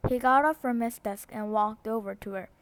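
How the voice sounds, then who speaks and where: A woman's voice: a little high, normal speed, clear, resonant tone, no echo. Woman reading a novel aloud. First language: Korean. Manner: steady reading with small slips and restarts. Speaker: book reader.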